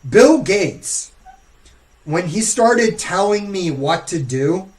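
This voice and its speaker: High-voiced man ranting bluntly, slowly. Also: expressive, a little mellow, poor audio. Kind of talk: casual podcast chat.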